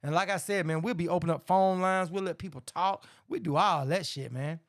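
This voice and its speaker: A middle-aged man hosts a casual sports talk show, ranting bluntly and profanely about boxing as he gets heated and says "man" constantly. His voice is high-pitched, brisk, and a bit bright.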